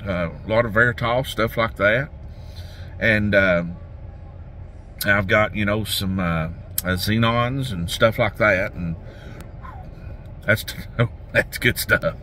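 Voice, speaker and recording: Fishing guy rambling outdoors, bright tone, a little background noise. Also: mid-range voice. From Tennessee. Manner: folksy, rambling, restarts a lot. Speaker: fishing vlogger. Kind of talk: casual rambling talk to camera. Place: outdoors by a lake.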